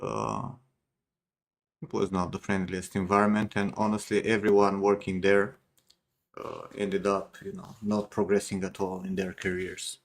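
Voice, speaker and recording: A man's voice: low voice, unhurried, vocal fry. A man streaming a game, giving casual reaction commentary, blunt and swearing freely. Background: game audio.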